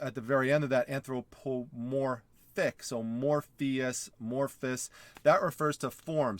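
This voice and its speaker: A man's voice: fairly high pitch, dry recording. New York-accented man, very dry sound. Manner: rambling, many "uh" fillers and restarts; enthusiastic about word origins. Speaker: reseller channel host. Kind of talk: casual explainer vlog.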